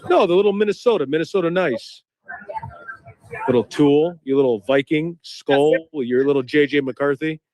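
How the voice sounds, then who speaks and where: A man hosts a livestream in a heated rant, cursing and hammering the same taunts over and over. His voice sits fairly high and sounds dry and close. The sound has no room echo. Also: moderate pace, darkish tone. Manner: heated, profane, repetitive taunting. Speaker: livestream host.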